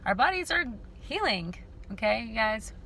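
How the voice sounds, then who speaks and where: A woman recording a casual personal vlog about living with dystonia, talking in a rambling, heartfelt way with many pauses and fillers and speaking warmly to her viewers. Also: fairly high pitch, very animated, gravelly, a little hiss or hum. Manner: affectionate toward viewers. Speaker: dystonia awareness vlogger. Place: car.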